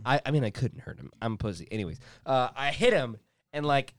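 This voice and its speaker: A lively young man on a podcast, his pitch leaping high whenever he acts out the shouting in his story. His voice is clean and smooth, recorded close and dry, with a slightly raised register and loose, profane chat. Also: a little fast, no room sound. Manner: animated storyteller, acts out yelling and crying voices, swears a lot. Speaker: podcast co-host.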